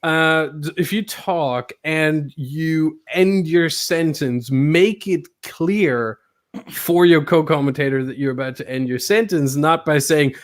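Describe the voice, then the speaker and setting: A man's voice: on the high side, slow pace. A man hosting a casual podcast, talking about commentary in a playful, teasing way and laughing often. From not British. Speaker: podcast host and sim racing commentator.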